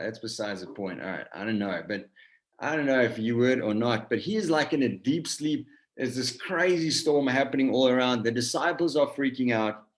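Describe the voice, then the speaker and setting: A South African man teaches a Bible passage to a group on a video call. He talks loosely and conversationally, full of fillers, and stops to put questions to his listeners. His voice sits in a middle pitch. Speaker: campus ministry leader.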